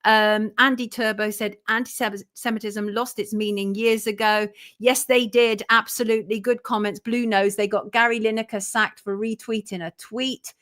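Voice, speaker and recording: A woman's voice: on the high side, little pitch movement, moderate pace, hardly any pauses. A woman hosting a livestream, reading viewer comments aloud and answering them bluntly. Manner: blunt and self-declared belligerent, thanking viewers warmly. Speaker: journalist and show host.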